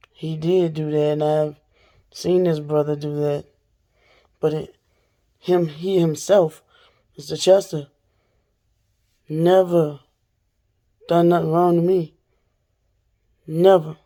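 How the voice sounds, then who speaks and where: Gravelly woman vlogger, animated storytime rant straight to camera. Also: sits low, slow, long pauses. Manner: animated, talks straight to viewers.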